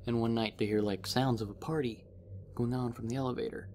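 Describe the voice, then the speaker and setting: A man's voice: medium pitch, fairly even intonation, fairly quick, creaky, a little mellow, a little hiss or hum. Rambling young-sounding man recapping a book. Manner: rambling, filler-heavy. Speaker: vlogger.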